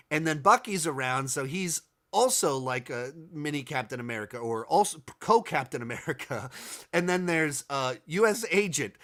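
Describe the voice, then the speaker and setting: A man hosts a loose commentary video, answering viewer questions. His voice sits a little high. He thinks aloud, restarts his sentences often and turns sarcastic at times. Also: fairly bright tone. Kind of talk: casual commentary.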